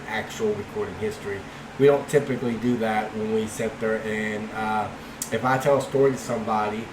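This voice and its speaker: A man hosting an apologetics channel, giving casual commentary in a halting way with many fillers and restarts. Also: mid-range voice, roomy sound, background noise.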